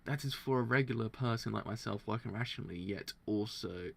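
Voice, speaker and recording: A man reading a manga aloud for a live reaction, often tripping over words and restarting, excitable and quick to laugh. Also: lowish voice, vocal fry.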